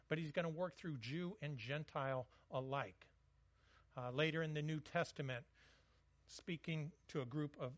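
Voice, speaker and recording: A man's voice: a little high, fairly bright tone, no room sound, lo-fi sound. A male pastor giving a conversational sermon, often repeating words as he goes.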